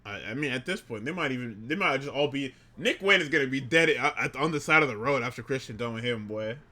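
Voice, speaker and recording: Excitable male podcast co-host, piercingly bright tone, swears freely, laughs a lot. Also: mid-range voice, quick pace. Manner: excitable, profane, laughs often. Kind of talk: casual wrestling podcast chat.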